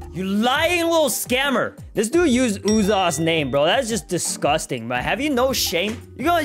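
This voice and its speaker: Animated young man doing laughing game commentary. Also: high-pitched. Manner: laughs often, teasing and animated. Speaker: gaming YouTuber. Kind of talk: playful gameplay commentary.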